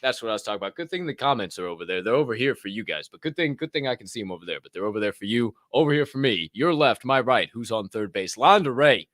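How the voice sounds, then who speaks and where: Excitable man hosting a livestream. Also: medium pitch, fast talker, few pauses, no room sound, clean studio sound. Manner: excitable, profane, shouting out chat names. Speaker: livestream show host. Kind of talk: casual livestream chat.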